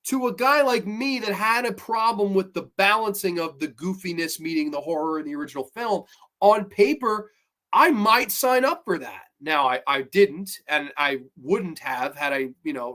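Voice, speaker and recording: On his horror movie review show, a man with a fairly high voice rants casually and unscripted at normal speed. Blunt, profane, and plainly exasperated, he's animated and breaks into sudden loud outbursts of disbelief.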